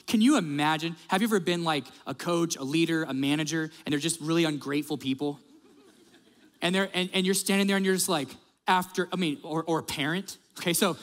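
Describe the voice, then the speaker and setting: Man preaching, fairly high voice, lively storyteller, long echo of a big hall. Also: brisk. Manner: animated storyteller, acts out quotes. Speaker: pastor. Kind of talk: sermon.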